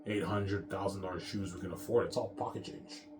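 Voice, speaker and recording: A man's voice: low voice, steady tone, a little fast. A man in a rambling, repetitive monologue, boastful and profane, talking straight to his audience. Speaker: vlogger. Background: music.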